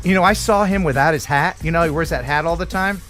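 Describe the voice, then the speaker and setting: A man's voice: fairly high pitch, fast, a bit bright, faint music behind. A man hosting a live stream, joking casually and reading out donations with an upbeat lift. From USA. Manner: jokey, chatty, reads names with upbeat lift. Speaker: livestream host.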